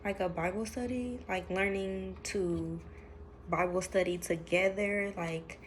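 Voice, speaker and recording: Young woman vlogger, casual and meandering, says y'all a lot; slightly low voice, light background hiss. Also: fairly even intonation, measured pace. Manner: rambling, chatty, lots of fillers; addresses viewers as y'all. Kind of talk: casual talking-to-camera vlog.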